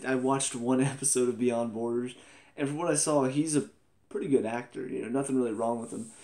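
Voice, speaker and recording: This young man's voice sits in the mid range as he reviews a TV episode in a relaxed vlog. He's lively, with frequent laughter and incredulous exclamations.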